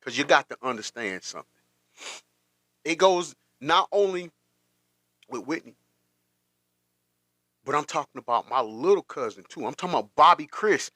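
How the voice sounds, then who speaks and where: A man's voice: on the high side, animated, moderate pace, long pauses, pushed and bright, no echo. A man hosting a reaction stream, talking with emotion, repeating himself and stopping short. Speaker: host.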